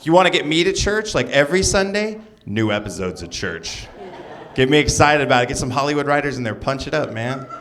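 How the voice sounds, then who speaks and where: A young man with a mid-range, fairly bright voice does a loose, jokey stand-up set on a club stage, talking animatedly and a little fast, with asides to the crowd between bits. The live club recording has slight background noise, with audience laughter and clapping.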